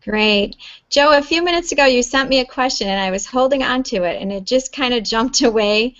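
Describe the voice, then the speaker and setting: Higher-voiced woman moderating a panel. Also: fairly quick, fairly bright tone, dry recording, highs cut off.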